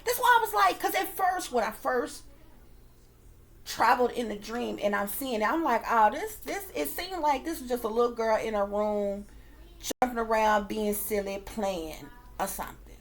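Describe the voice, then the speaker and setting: Lady psychic reader w a high voice, ranting casual to her viewers, cusses a lot, acts out what she said. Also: lively intonation, normal speed. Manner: emphatic, frequently swearing, acts out her own reactions. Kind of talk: casual spoken storytelling to viewers.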